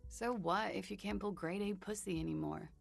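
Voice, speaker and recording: A woman's voice: medium pitch, normal speed, creaky, soft background music. An actress voicing a worldly young woman in a video game, wry and teasing.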